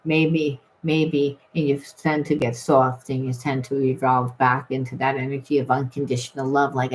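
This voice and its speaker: A woman's voice: rumbling low, level tone, normal speed, hardly any pauses, slight background noise, low-quality recording. A woman giving a rambling, emphatic spiritual reading, full of restarts and repeated phrases. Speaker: tarot reader.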